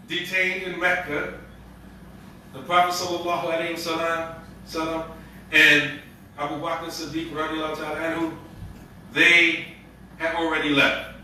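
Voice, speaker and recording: Male imam, casual storytelling sermon with slang; bright, high voice, roomy hall. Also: distant mic, a little hiss or hum. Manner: storytelling, conversational with street slang. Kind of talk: Ramadan sermon.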